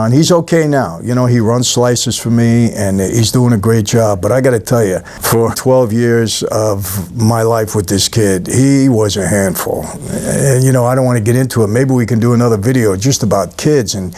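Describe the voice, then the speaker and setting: A man's voice: mid-range voice, a little mellow. A middle-aged man with a New York accent hosting his channel, casually retelling film scenes and speaking straight to his viewers. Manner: conversational storyteller, addresses viewers directly, retells scenes. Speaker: channel host reviewing a film. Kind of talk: casual talk-to-camera film recap.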